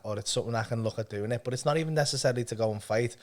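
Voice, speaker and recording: A man's voice: mid-range voice, steady tone, racing, hardly any pauses, darkish tone. A man, a comedian guest, telling jokey self-deprecating stories in casual chat.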